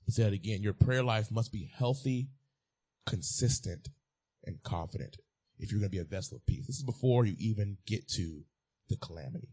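A man's voice: lowish voice, lively intonation, moderate pace, warm tone, breathy edge. A man preaching a sermon as a pastor, repeating key phrases and building to emphatic peaks.

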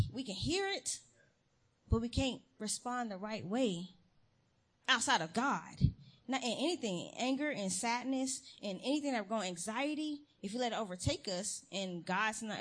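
A young adult woman giving a casual sermon to her church, telling stories with slang and acting out quotes. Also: mid-range voice. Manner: lively storytelling with slang and acted quotes. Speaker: church speaker.

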